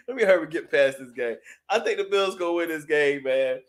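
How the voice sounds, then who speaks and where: A man's voice: fairly high pitch, fairly quick, hardly any pauses. Laid-back male sports stream host. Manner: loose and conversational, reading chat messages aloud and reacting. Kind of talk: casual live-stream chat with viewers.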